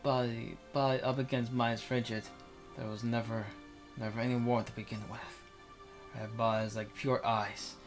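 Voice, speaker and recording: A man's voice: medium pitch, little pitch movement, moderate pace, soft background music. A young man reading a visual novel aloud into a desk microphone, breaking off for rambling casual asides.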